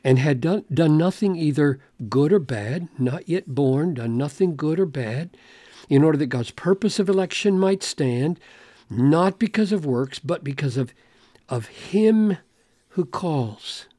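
A man's voice: a little high, lively intonation, moderate pace, dark tone, no room sound, clean studio sound. A man giving an expository Bible lesson, reading scripture aloud and explaining it, stressing key phrases by repeating them. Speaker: Bible teacher.

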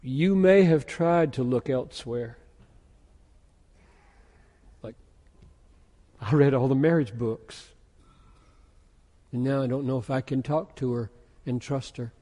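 A pastor preaching a sermon, moving from quiet musing into loud, intense emphasis. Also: male voice, medium pitch, takes it slowly, long pauses. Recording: echoey hall with long reverb.

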